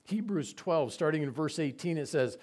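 A man giving a conversational Bible teaching, relaxed and asking his listeners rhetorical questions. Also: fairly high pitch, normal speed.

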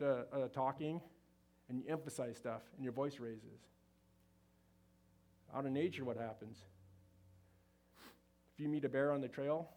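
A man gives a relaxed talk to a live audience about relationships. His pitch sits in the middle range, and his folksy, conversational delivery is full of fillers and restarts. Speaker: marriage seminar speaker.

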